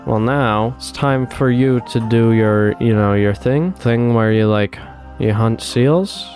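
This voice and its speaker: A young man giving excitable, swearing commentary while playing a game and talking to his animals. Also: medium pitch, slow, soft background music. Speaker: gaming YouTuber. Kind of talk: casual gameplay commentary.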